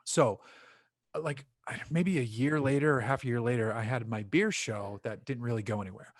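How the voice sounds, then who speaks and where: A man guesting on a podcast, spinning loose, rambling anecdotes. His speech is peppered with swearing and laughter, and sits at an ordinary male pitch. The sound is close and dry, with no room around it. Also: moderate pace, dry recording. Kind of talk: casual storytelling chat.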